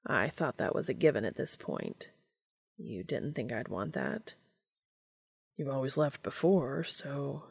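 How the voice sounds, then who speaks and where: A woman reading a fan story aloud, voicing an earnest, soft-spoken male angel in a low, hushed, slow voice that slips into whispers. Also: big pitch swings, creaky, slightly rough, exaggerated voice. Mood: tender.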